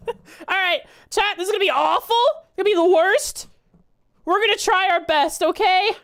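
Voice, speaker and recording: Giggly high-voiced woman streamer. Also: normal speed, fairly bright tone, no room sound, clean studio sound. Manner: giggly and self-deprecating. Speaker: game streamer. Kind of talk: casual livestream chat.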